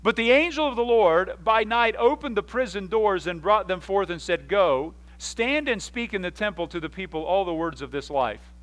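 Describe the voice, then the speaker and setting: Male pastor, fairly high-voiced, animated storyteller who acts out scenes, repeats words and restarts his sentences. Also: normal speed, hardly any pauses, poor audio. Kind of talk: sermon.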